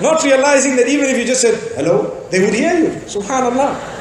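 A man's voice: very high voice, lively intonation, quick pace, slight background noise. A man from Zimbabwe preaching a sermon, telling stories and acting out bits of dialogue. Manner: storytelling with acted-out dialogue. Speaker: Islamic preacher. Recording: echoey hall recording.

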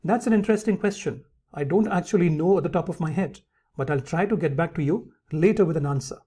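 A man with a somewhat high, husky voice gives an English lesson. His tone is mellow and relaxed, and he calls his viewers friends while reading example phrases aloud. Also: fast. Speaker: English teacher. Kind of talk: instructional lesson.

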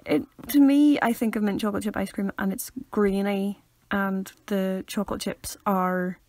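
Wry, gravelly woman. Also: medium pitch, fairly even intonation, normal speed, a little mellow, no echo. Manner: wry, teasing, lots of laughing. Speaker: podcast co-host. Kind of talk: casual chat.

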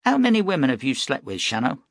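A man reading aloud voices a blunt, firm young widow in a raised, brisk tone. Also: medium pitch, big pitch swings, vocal fry, no room sound, studio quality, voice pushed up.

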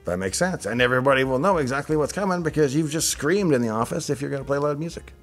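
A man's voice: medium pitch, animated, quick pace, soft background music. A middle-aged man hosting a show, casually thinking aloud as he reacts to on-screen designs with chatty asides. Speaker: show host reviewing software designs.

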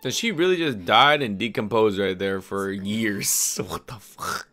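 A young man reacts out loud to an anime episode in loose slang, cursing and cracking up as he goes. His voice sits a little low but has a bright, forceful edge. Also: a little slow. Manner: slangy, profane, laughing at what he watches. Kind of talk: live reaction commentary.

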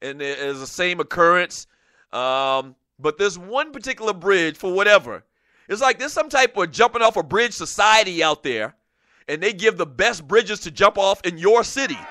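A man hosting a casual sports talk show, animated, often laughing and reading listener messages aloud. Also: high voice, moderate pace, no room sound, studio quality.

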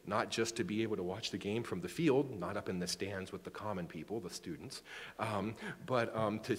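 Casting: man in his forties, low-ish voice, public lecture, reverberant hall. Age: 40s. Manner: chatty, self-joking, many restarts. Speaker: astronomy lecturer. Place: lecture room.

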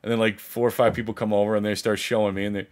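A man's voice: fairly low pitch, rapid-fire. A man vlogger telling a story in a rambling, profane way, full of restarts. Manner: animated, acts out others' voices. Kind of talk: casual storytelling.

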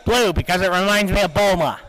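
A man's voice: high voice, brisk, a bit bright, poor audio. A teenage boy in a casual goofy chat outdoors, answering questions in a mumbly way while eating.

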